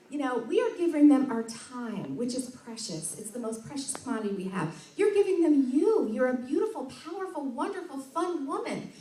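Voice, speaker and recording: High-voiced upbeat woman, echoey room. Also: distant mic. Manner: upbeat, enthusiastic, acts out sales dialogue, laughs often. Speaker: sales trainer speaking to a group. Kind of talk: motivational sales training talk. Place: meeting room with audience.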